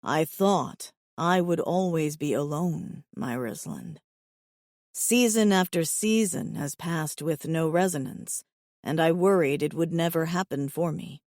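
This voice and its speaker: A gentle, earnest male alien suitor, as a woman narrator puts him on in a lowered, softened voice. He speaks slowly and gravely, each word weighed, in a dry close recording with no room around it. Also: no echo. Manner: slow grave measured speech. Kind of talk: audiobook character voice.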